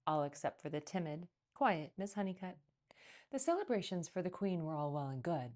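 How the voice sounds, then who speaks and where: A woman reading a picture book aloud as a children's librarian, telling the story expressively. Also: normal speed. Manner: expressive storytelling, lively pitch.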